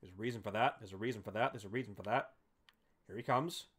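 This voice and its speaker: A man's voice: fairly low pitch, fast talker, a bit bright, husky. A man hosting a let's play, giving casual commentary in a playful, bragging way with some swearing.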